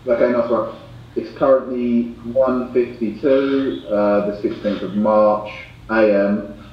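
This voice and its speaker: A man's voice: mid-range voice, fairly even intonation, slow, far from the mic. A man chatting in a friendly way with a stranger on a video call. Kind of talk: casual chat. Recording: very echoey, dull video call audio.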